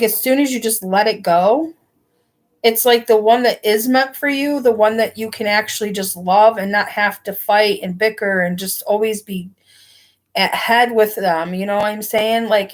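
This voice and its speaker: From her bed, a woman gives a casual tarot reading straight to the camera in front of her, speaking at a moderate pace in a mid-range voice. She rambles a lot, leaning heavily on filler words, especially "like."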